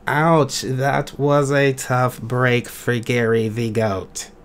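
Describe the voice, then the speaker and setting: A man hosting and judging a talent show in an animated game skit, in a playful, wry way. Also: mid-range voice, slow, noisy background. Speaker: talent show judge and host.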